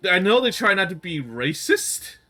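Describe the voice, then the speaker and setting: A man's voice: high-pitched, very animated, moderate pace, sharp tone, faint music behind. A man hosting a casual chat show, laughing often and talking with lots of hesitant fillers. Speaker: host.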